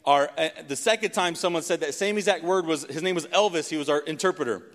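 The speaker is a North Carolina preacher in his forties, talking quickly in a voice on the high side. He shares his testimony animatedly, often adding "right?", and his words echo with long hall reverb in the church sanctuary.

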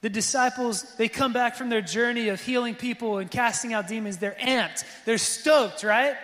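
A man preaching a sermon with lively energy, often asking the congregation if they are with him. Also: very high voice, moderate pace, big-room sound. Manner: lively preaching, asks the crowd for response. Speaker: pastor.

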